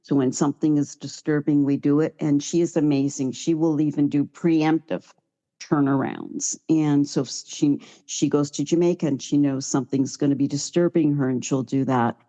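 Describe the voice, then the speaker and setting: Middle-aged woman, low voice, warm and mellow, heartfelt recovery share, slightly dull call audio. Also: steady tone, moderate pace. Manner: chatty and heartfelt, close to tears at times. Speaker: guest speaker at a recovery meeting.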